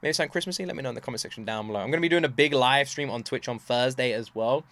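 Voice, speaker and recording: A man in his thirties giving casual reaction commentary, gushing and effusive, often repeating himself and swearing casually, with bursts of loud excitement. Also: medium pitch, very fast, no room sound. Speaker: music reaction YouTuber.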